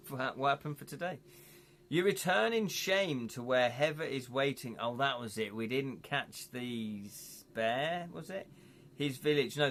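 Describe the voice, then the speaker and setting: A British man with a mid-range, somewhat bright voice hosts a casual live stream reading through an adventure gamebook. He's jokey and rambling, often breaking off to chat and laugh, and he stumbles and restarts over words while reading aloud.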